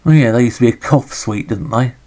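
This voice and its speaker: A man's voice: mid-range voice, a little fast, warm tone. An English man giving a sarcastic, grumbling, joke-filled running commentary as he reviews a retro game.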